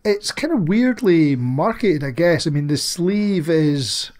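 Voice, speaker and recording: A man's voice: on the high side, lively intonation, slow, darkish tone. A man co-hosting a podcast, chatting casually about films with lots of swearing and rambling asides. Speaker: podcast co-host. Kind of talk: casual film chat.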